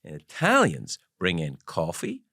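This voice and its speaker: A Scottish man from Glasgow in his sixties, hosting a casual chat with animated storytelling. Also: a little slow, no room sound, clean studio sound. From Scotland. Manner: animated storyteller, jumps pitch for emphasis. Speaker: host.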